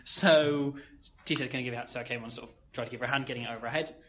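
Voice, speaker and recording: A man's voice: medium pitch, steady tone, rapid-fire, noisy background. A young man telling a long anecdote in casual chat, wry and self-mocking, with many fillers. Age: young adult. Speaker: podcast co-host telling a story.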